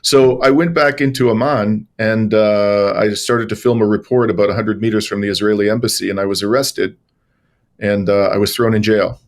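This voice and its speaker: A man, a journalist and lawyer, telling animated stories as an interview guest, with many fillers and restarts. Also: on the low side, normal speed. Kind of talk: conversational interview storytelling.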